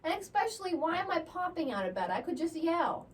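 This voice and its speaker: Playful high-voiced young woman. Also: very animated, fairly quick. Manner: playful, giggly, reads aloud from an article. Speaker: podcast co-host. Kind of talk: casual podcast chat. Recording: slightly distant mic with faint background noise.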